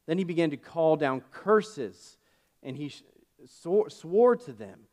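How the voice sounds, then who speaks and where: A man's voice: on the high side, lively intonation, normal speed, darkish tone. A man preaching a sermon as pastor, retelling a story casually with fillers and self-corrections. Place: church.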